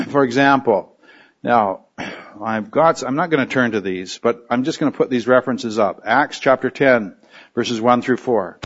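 A man's voice: mid-range voice, lo-fi sound. A man preaching an expository sermon, teaching in a conversational way and now and then acting out short quotes. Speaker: pastor.

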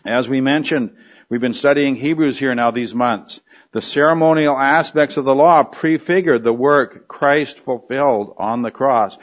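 A man's voice: mid-range voice, a little slow, muffled recording. A man giving a teaching sermon, explaining verses and often checking in with his listeners. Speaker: Bible teacher.

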